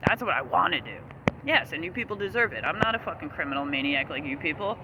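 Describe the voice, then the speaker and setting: High-voiced man ranting outdoors. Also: sing-song, quick pace. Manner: profane, agitated, rambling. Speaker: vlogger. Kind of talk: angry ranting monologue. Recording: street noise outdoors.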